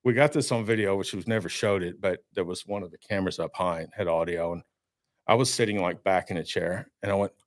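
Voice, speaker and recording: Lively, low-voiced man in a dry studio. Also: fast talker, dry recording. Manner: animated storyteller, acts out his own shouts. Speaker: guest, marine winch maker. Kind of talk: casual studio podcast chat. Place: podcast studio.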